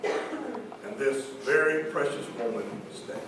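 A middle-aged man preaching a sermon in a church, calling for amens and swinging from loud to soft. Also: on the high side, wildly swooping pitch, slow pace. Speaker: pastor. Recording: echoey hall from a distance with noise.

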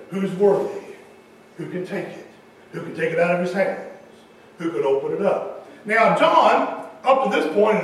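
A man's voice: very high voice, fairly bright tone, a little hiss or hum. A man preaching a folksy sermon to his congregation, chatting with members between passages. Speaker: pastor. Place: large church hall. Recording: echoey hall from far off.

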